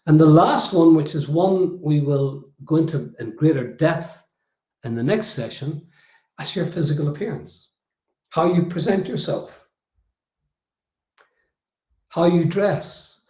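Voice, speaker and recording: A man's voice: on the high side, mellow. A man with a Northern Irish accent giving a motivational workshop talk, emphatically counting off his points one by one. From Northern Ireland. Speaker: workshop presenter. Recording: roomy, slightly dull recording.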